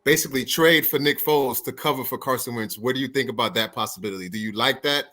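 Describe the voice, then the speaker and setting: A man's voice: mid-range voice, fast talker, sharp tone. A man hosting a casual sports podcast who poses the questions and often restarts his sentences. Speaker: podcast host.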